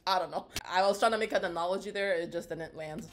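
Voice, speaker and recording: A woman talks through a reaction video in a loose, playful way, excitable and quick to whoop and laugh. Her voice is bright and forward at a middling pitch. Music plays faintly behind her. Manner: chatty and playful. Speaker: reaction vlogger. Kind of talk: casual reaction commentary.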